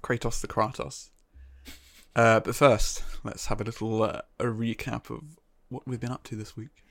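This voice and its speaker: A man's voice: on the low side, level tone, normal speed, gravelly, fairly bright tone, no room sound. A young man hosting a casual podcast among friends, laughing often and giving a sing-song intro. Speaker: podcast host. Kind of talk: casual chat.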